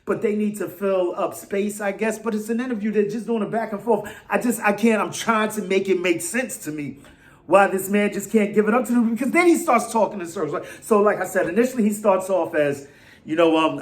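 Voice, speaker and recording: High-voiced excitable male fan vlogger. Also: fairly quick. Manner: excitable and rambling, with slang and restarts. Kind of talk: casual fan rant to camera.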